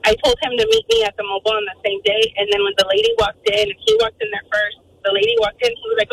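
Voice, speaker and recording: A woman calling in to a radio show, telling her story in an animated, chatty way and quoting the people involved. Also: high voice, quick pace, creaky, hardly any pauses. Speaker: radio caller. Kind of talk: phone-in storytelling. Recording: distant phone-line caller with faint noise.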